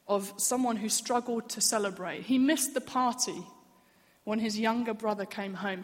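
A woman's voice: on the high side, in a large hall. A woman giving an earnest, personal sermon in a church. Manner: earnest, candid, personal storytelling. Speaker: church speaker.

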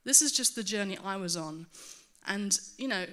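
A woman preaching a sermon to her church, earnest and animated, with self-mocking asides. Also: medium pitch, moderate pace.

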